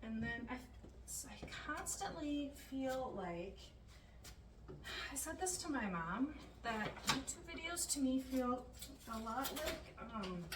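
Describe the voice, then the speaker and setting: A woman with a fairly high voice chats her way through a DIY repair, slow and unhurried, tossing jokey asides to viewers. She is off-mic in an echoey room with clear background noise. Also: far from the mic. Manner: chatty, thinks aloud with jokey asides to viewers. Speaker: DIY vlogger. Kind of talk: casual step-by-step repair narration. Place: home entryway, indoors.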